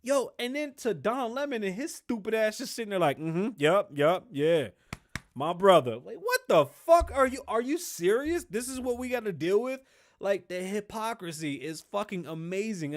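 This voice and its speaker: A man hosting a podcast alone, ranting casually and profanely in animated commentary. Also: high-pitched, normal speed. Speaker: podcast host.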